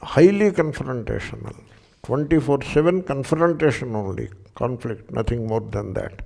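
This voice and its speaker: An older man with an Indian English accent gives a patient, explanatory lecture, pausing to check that his listeners follow. His voice has a gravelly edge. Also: medium pitch, expressive, a little mellow. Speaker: Sanskrit teacher. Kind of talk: lecture on scripture and grammar.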